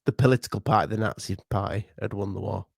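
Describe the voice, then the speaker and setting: A man's voice: lowish voice, fairly even intonation, quick pace, vocal fry, a little mellow, no echo, studio quality. A man co-hosting a casual conspiracy podcast, blunt and profane, often cutting in. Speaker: podcast co-host.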